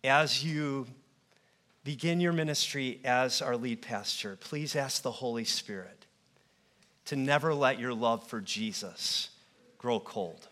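A man preaching a sermon in a church, earnest and rhetorical, building with repetition and dropping to hushed tones. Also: medium pitch, takes it slowly. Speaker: pastor.

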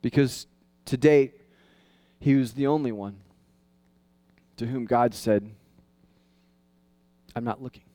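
A male pastor preaching a casual, conversational sermon that swings into high, excited tones. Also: slow, pauses often, dry recording.

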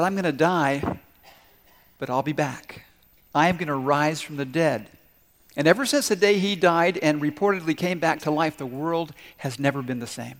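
A man's voice: on the high side, long reverb tail. A man preaching a sermon as a pastor, telling stories and talking directly to his congregation. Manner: storytelling, conversational and direct with the congregation.

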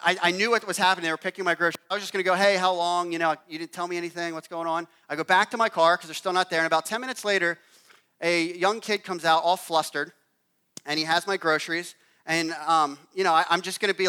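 Bright, smooth-voiced man preaching casually. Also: sits high, fairly even intonation, fast. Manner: casual, storytelling, says "okay?" often. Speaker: pastor. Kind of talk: conversational sermon.

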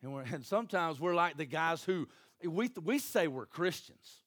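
A man, preaching a sermon in a church with jokey, animated storytelling and acted voices. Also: fairly high pitch, moderate pace. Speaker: pastor.

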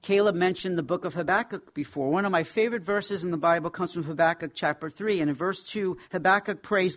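A man teaching a Bible class, speaking in an emphatic, reverent way and slowing down to stress key words. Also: sits high, fairly bright tone, dull audio.

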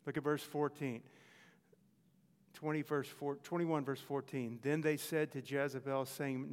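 A man's voice: mid-range voice, steady tone, unhurried, big-room sound. A man preaching a sermon in a conversational way, often stopping to check in with his listeners. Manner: conversational, frequent "okay?" check-ins.

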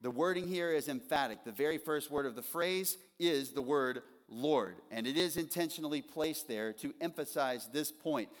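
A man preaching an expository sermon in an earnest way, slowing down and repeating his key phrases. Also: a little high, long reverb tail. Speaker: pastor.

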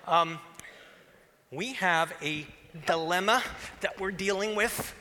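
A man's voice: sits high, sharp tone, heavily acted. A man playing a flustered, stammering organizer. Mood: hurried. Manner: hurried, stammering. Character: flustered male organizer rushing everyone along. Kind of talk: live church camp skit. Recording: reverberant hall.

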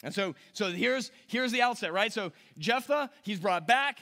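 A man's voice: sits high, expressive, moderate pace, few pauses, sharp tone. A man preaching a chatty, conversational sermon, reading scripture aloud and adding casual asides with a few chuckles. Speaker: pastor.

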